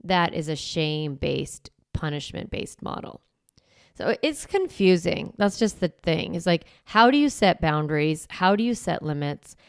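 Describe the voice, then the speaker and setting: A woman's voice: fairly low pitch, lively intonation, measured pace, smooth, no room sound, studio quality. A middle-aged woman coaching parents, speaking casually to camera in a chatty way with lots of "like". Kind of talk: casual talk to camera promoting a course.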